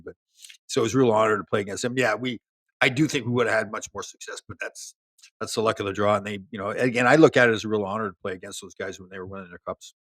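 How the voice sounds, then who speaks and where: Fast-talking husky older man. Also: lowish voice, no echo. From Canada. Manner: animated storyteller, laughs, many restarts. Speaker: guest, former pro hockey player. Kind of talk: casual storytelling interview.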